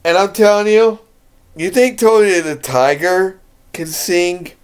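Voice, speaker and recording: A man's voice: high-pitched, slow, clear, resonant tone. A man casually and enthusiastically talking through a favorite movie for his video blog, rambling and laughing often. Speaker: video blogger reviewing a movie.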